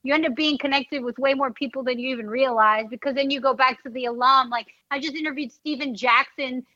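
Chatty bright-voiced Bronx woman. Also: sits high, fairly even intonation, a little fast, no echo. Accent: New York (Bronx). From the Bronx, New York. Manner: chatty, lots of fillers like "like" and "you know". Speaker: NFL team reporter and podcast host. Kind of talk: casual interview chat. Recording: dull, dry, slightly lo-fi sound.

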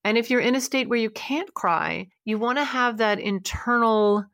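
A woman co-hosting a podcast, talking in a reassuring, animated way about feelings and often acting out the voices she quotes. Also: fairly high pitch, moderate pace, dry recording, studio quality. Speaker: podcast co-host. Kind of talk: casual podcast chat.

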